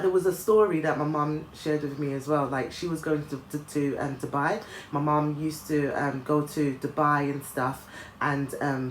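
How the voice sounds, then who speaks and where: An earnest woman speaks straight to her viewers in a motivational vlog, her voice sitting a little low. She stumbles and restarts her sentences with ums as she talks. The room is echoey, with a faint hum of ambient noise behind her. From Nigeria. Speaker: vlogger. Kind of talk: motivational talk to camera.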